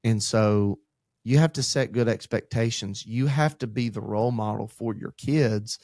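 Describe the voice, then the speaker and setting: A man's voice: on the low side, moderate pace, no echo, studio quality. A man, co-hosting a church podcast as a pastor in training, telling stories about his kids in a casual, rambling way. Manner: rambling, animated storytelling with acted-out quotes. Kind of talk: casual faith discussion.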